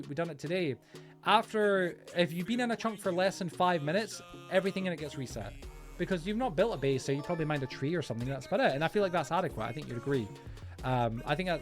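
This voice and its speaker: A man streaming a game live, chatting casually with viewers, rambling with restarts and loudly thanking supporters. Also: high-pitched. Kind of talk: casual live-stream chat while gaming.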